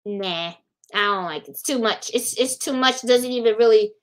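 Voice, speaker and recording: A woman's voice: a little high, normal speed. A woman from Puerto Rico hosting a casual crafting livestream, chatting, thinking aloud and greeting viewers by name. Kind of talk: casual live-stream chat.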